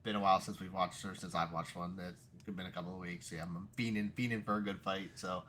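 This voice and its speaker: Young male podcast co-host, sharp bright voice, slightly low, casual and profane. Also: a little fast, a little hiss or hum. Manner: animated storyteller, swears freely, acts out quotes. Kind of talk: casual sports chat.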